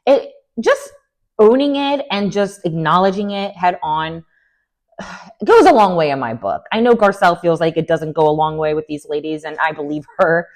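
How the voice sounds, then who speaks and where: At a moderate pace and with a lowish voice, a woman runs a casual reality TV recap full of sass and strong opinions. She's animated and keeps slipping into mocking voices whenever she acts out quotes.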